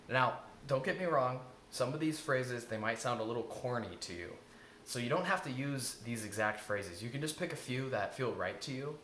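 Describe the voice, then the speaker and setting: A man's voice: mid-range voice, fairly bright tone. Earnest, rambling man in an echoey room. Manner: earnest, rambling, with many restarts and fillers. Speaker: emotional eating coach. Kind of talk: casual spoken lesson. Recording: echoey room with faint ambient noise.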